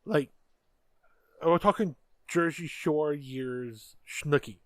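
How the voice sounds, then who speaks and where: A man's voice: fairly high pitch, takes it slowly, a bit bright, no echo. A man co-hosting a podcast in casual political chat, blunt and profane, often stumbling over repeated words. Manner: blunt, profane, stammers on restarts. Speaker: podcast co-host.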